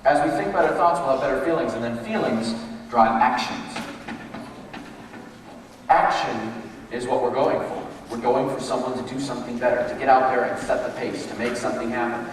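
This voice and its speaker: A man's voice: medium pitch, normal speed, a little hiss or hum. A man giving an emphatic live motivational talk in a large hall. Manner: animated, emphatic storytelling. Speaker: motivational speaker. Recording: echoey hall, distant mic.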